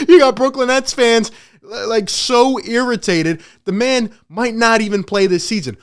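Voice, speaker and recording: Man, sports host, emphatic rant, excitable, high voice. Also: slow, long pauses, clean tone. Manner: emphatic, excitable, laughs often.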